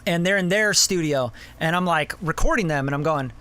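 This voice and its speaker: Host: high, bright-voiced man, loose and profane, casual review talk. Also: a little fast, few pauses, smooth. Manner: loose and profane, lots of "like" and "bro". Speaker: music producer reviewing songs. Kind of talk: casual live-stream review.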